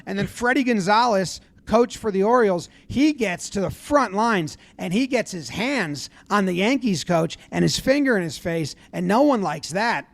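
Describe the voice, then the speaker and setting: A high-pitched man talks through game footage in relaxed commentary. He jumps into loud, animated impressions of the players. The sound is close and dry, with no room echo. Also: moderate pace, gravelly, hardly any pauses. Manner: animated, acts out players' lines in loud voices. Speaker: commentator breaking down a baseball brawl video. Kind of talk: casual play-by-play commentary.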